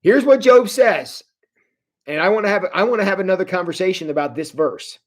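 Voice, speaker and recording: A man's voice: high-pitched, expressive, brisk. A man leading a livestreamed Bible study as pastor, talking conversationally and often repeating words as he restarts. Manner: addresses viewers directly.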